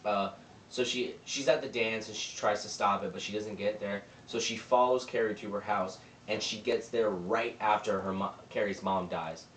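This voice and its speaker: A man's voice: fairly low pitch, steady tone, normal speed, a bit bright, a little hiss or hum. A young man casually retelling a movie plot for a review, rambling through the scenes and quoting the characters. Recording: roomy, distant mic with faint ambience.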